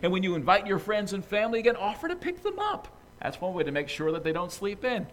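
A man preaching a conversational sermon and telling stories in an animated way. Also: high-pitched, fast talker, slight background noise.

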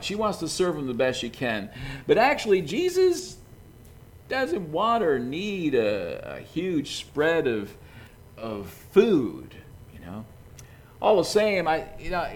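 A man preaching a conversational sermon in a folksy, chatty way, peppered with "you know.". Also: a little high.

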